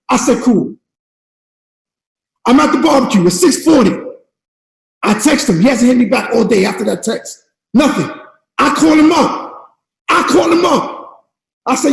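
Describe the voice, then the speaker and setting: A man giving a fired-up motivational speech on a team call, shouting and repeating himself like a preacher. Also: very high voice, animated, a little slow, creaky, long pauses, roomy sound, in a large hall, low-quality recording. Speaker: network marketing leader.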